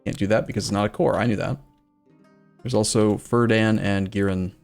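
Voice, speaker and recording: A man's voice: on the low side, steady tone, moderate pace, vocal fry, a little mellow, soft background music. A man streaming a strategy game, chatting casually as he plays, thinking aloud and answering his chat. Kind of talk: casual let's-play commentary.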